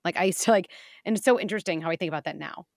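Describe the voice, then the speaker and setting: Animated woman with a creaky voice. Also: fairly low pitch, rapid-fire, no room sound, clean studio sound. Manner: animated, acts out scenes with quoted voices. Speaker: guest, clinical psychologist. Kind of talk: casual interview talk.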